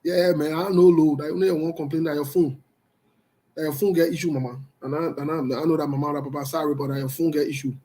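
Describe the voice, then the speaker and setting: Combative man, high voice. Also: steady tone, fast, dark tone. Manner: combative, scolding and emphatic, addressing viewers directly. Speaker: political commentary host. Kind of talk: live online political commentary.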